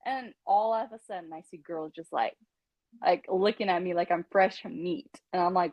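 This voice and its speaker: A woman, a podcast guest, telling a candid personal story in an animated way, laughing often and acting out what people said. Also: mid-range voice, moderate pace, dry recording. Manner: animated, laughing, acts out quotes. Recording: dull lo-fi dry sound.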